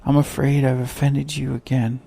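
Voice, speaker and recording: A man voicing Alice, a polite and eager young girl, in a gentle, soothing tone. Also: medium pitch, little pitch movement, normal speed, creaky.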